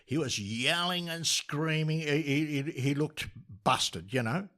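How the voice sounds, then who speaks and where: A man's voice: a little high, expressive, unhurried, bright, forceful tone. An older Australian man, a podcast guest, telling a story with energy, laughing and restarting often. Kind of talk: animated storytelling.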